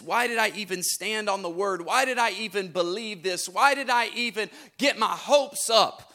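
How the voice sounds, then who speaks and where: High bright-voiced preacher man. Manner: swings from hushed to shouting, repeats lines, sing-song preaching cadence. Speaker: pastor. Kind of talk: sermon.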